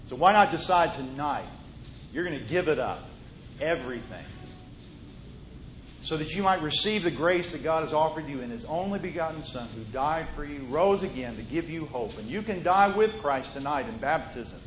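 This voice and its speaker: A man preaching a sermon, moving between loud, emphatic lines and soft, hushed storytelling. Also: lively intonation, moderate pace. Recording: roomy muffled hall recording, faint rumble.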